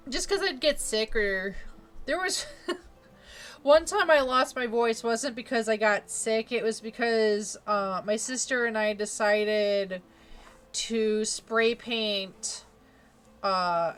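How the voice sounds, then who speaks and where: A woman's voice: on the high side, fairly bright tone. A young woman streamer chatting casually, laughing often and filling her talk with "like" and "um". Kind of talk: casual chat.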